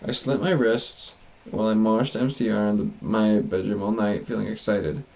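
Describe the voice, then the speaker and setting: A man's voice: on the low side, steady tone, normal speed, creaky, a little mellow, low-quality recording. A man reading a fanfiction aloud for comedy, mocking it with exaggerated line readings and asides, his voice strained. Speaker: fanfiction reader.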